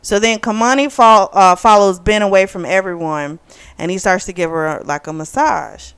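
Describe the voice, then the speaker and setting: A woman's voice: medium pitch, moderate pace, a bit bright, clean tone. A woman hosting a book club channel, giving a chatty, opinionated review full of fillers.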